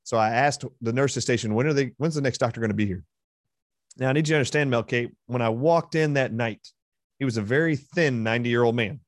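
A man's voice: medium pitch, fairly quick, no room sound. Mid-voiced guy on an interview, emphatic, retelling a heated exchange, dry sound. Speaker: guest. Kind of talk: interview storytelling.

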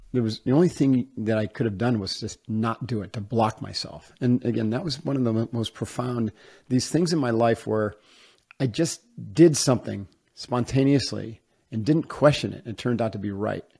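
A man from upstate New York, a guest in an interview, telling a story in a casual, animated way and acting out the voices of the people he quotes. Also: mid-range voice, gravelly, slightly rough. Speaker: interview guest, former Navy SEAL.

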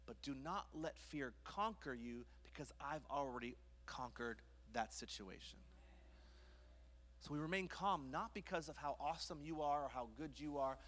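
Bright-voiced man preaching in a reverberant hall. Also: fairly high pitch. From Canada. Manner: animated storytelling, acting out his own voice and others'. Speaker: pastor. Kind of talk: sermon. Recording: long reverb of a large hall.

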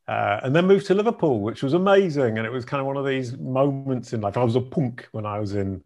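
A middle-aged man speaks as an interview guest. His voice sits at an ordinary pitch, and he tells his stories in a chatty, self-deprecating way. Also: animated, a little fast, darkish tone. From Yorkshire, England. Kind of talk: conversational interview.

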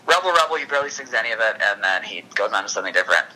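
A man's voice: on the low side, expressive, sharp tone, poor audio. A man co-hosting a podcast in casual chat, rambling and correcting himself as he goes. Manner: rambling, chatty, quick self-corrections. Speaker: podcast co-host.

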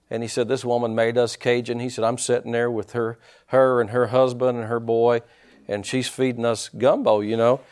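An older man preaching a sermon, animated and calling out to his congregation. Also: mid-range voice. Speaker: pastor.

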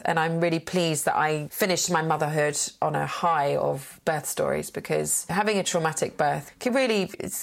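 A woman speaks in a noticeably low voice. She tells her stories frankly and with animation, slipping into the voices of the people she quotes. The tone is that of an unscripted, casual conversation. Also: gravelly. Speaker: guest. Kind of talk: candid conversational storytelling.

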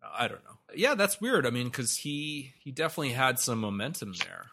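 A man's voice: mid-range voice, sing-song, normal speed, bright, forceful tone, husky. A man co-hosting a podcast, talking animatedly about a movie, laughing often and swearing freely. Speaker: podcast co-host. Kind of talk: casual film discussion.

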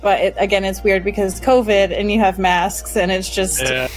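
A woman's voice: medium pitch, expressive, normal speed, soft background music, low-quality recording. Chatty woman game master. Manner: chatty, laughs often, trails off and restarts. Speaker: game master on a podcast panel. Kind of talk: casual panel chat.

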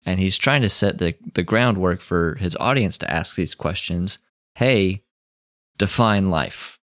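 A man co-hosting a casual book discussion, giving thoughtful, unhurried analysis. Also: sits low, a bit bright, dry recording, clean studio sound. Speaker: podcast co-host.

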